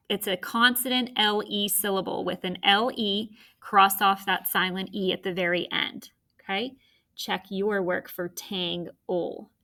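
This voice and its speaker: Woman teacher w a going thru spelling words slowly, bright clear voice. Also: mid-range voice. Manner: slow, encouraging, spells words out letter by letter. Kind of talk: phonics and spelling lesson.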